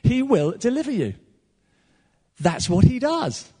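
A man preaching a sermon in a church hall, animated and swinging between loud and soft. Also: extremely high pitch, unhurried, breathy edge. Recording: long reverb of a large hall.

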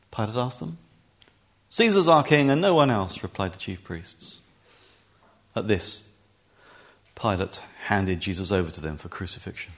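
A man reading a scripture passage aloud as scripted narration, in clear, even storytelling. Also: deep voice. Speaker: reader.

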